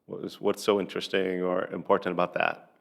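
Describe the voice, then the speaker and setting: A man teaching a lesson, asking a listener practice conversation questions one at a time with steady pauses. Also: low voice, gravelly. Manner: measured, pausing between questions. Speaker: English teacher.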